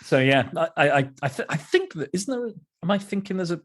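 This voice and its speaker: A man's voice: a little high, very animated, fairly quick, fairly bright tone. A man co-hosting a podcast, chatting casually about old films with frequent restarts and chuckles. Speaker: podcast co-host. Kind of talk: casual film discussion.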